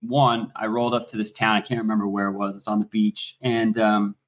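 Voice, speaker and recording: A man in his forties with an American accent tells stories in a casual, animated way, and he swears freely. His voice sits somewhat low. He sounds like a guest on a podcast. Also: a little fast. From United States. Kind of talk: casual storytelling.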